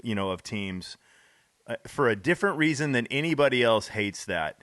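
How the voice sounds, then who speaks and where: A man's voice: mid-range voice, expressive, normal speed, a bit bright, no room sound. A man with a mid-range voice chats in a laid-back way, laughs easily and tells short stories. His voice sounds dry and close to the mic. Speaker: podcast co-host. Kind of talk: casual faith discussion.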